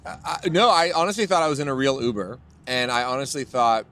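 A man's voice: medium pitch, lively intonation, a little fast, a bit bright. A young man hosting a podcast, chatting playfully and thinking aloud from inside a moving car. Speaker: podcast host, birthday guest of honor. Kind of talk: casual chat.

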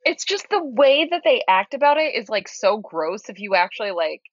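A woman's voice: on the high side, sing-song, moderate pace, lo-fi sound. A woman guest on a podcast, chatting casually, laughing often and readily agreeing. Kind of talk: casual chat.

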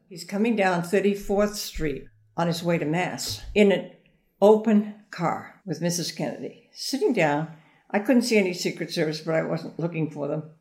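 A woman's voice: low-pitched, a little mellow. Older woman, interview guest, meandering anecdotal delivery. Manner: rambling, anecdotal storytelling. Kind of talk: reminiscing conversation.

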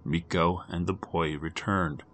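A man narrating a grim story for a podcast, swinging between loud urgency and hushed, near-whispered passages. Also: deep voice, steady tone, a little slow, slight background noise.

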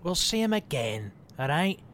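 An actor playing a crude, sarcastic football club insider who swears constantly and mocks everyone around him. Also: male voice, fairly high pitch, sing-song, normal speed, fairly bright tone, slight background noise. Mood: scornful. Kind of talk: comedic audio drama acting.

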